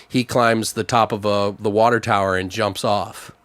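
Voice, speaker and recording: A man co-hosting a podcast, brainstorming a story in a casual, animated way and often acting out the lines of characters. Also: on the low side, no echo. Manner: animated, quick to act out quoted lines. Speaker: podcast co-host.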